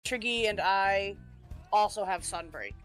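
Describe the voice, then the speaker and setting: A woman's voice: mid-range voice, unhurried, over music. A woman on a voice call chatting casually and teasing her friend. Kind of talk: casual chat.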